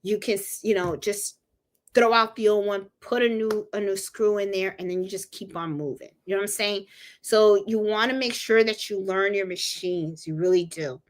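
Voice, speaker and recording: A woman's voice: mid-range voice, normal speed. A middle-aged woman from Puerto Rico hosting a sewing and embroidery livestream, chatting casually and talking straight to her viewers with plenty of fillers. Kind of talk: casual live-stream chat.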